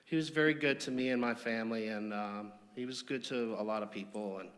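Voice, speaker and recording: A man's voice: medium pitch, brisk, fairly bright tone. A man giving a memorial eulogy, telling humorous anecdotes in an easygoing storytelling way. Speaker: eulogy speaker. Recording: long hall reverb.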